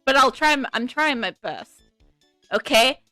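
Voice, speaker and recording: A woman's voice: high-pitched, animated, a little slow, sharp tone, no echo, clean studio sound, soft background music. A woman streamer giving casual game commentary, rambling and stumbling over her words with a self-deprecating manner. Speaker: let's play streamer.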